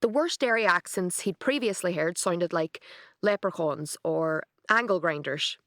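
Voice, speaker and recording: A woman narrating a story with wry, measured delivery. Her mid-range voice is recorded dry and close, with no room sound. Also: on the low side, fairly bright tone, no room sound. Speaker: audiobook narrator. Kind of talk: scripted narration.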